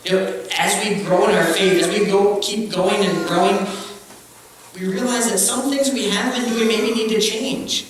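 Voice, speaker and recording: A man's voice: high-pitched, fairly even intonation, normal speed, a little hiss or hum. A man preaching a conversational, joking sermon in a church, recorded from a distance in an echoey hall. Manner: conversational, joking, acts out quotes. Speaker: pastor.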